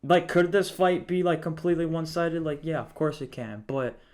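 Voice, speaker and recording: A young man co-hosting a podcast, talking casually with halting restarts and many fillers. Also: a little high, a little mellow. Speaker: podcast co-host. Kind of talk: casual chat.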